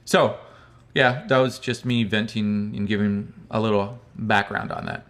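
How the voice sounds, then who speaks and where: A man's voice: lowish voice, measured pace, creaky, fairly bright tone. A man from the United States hosting a livestream, reading out viewer chat and answering in a loose, rambling, friendly way, calling people bro. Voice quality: calls his own speech hick-like.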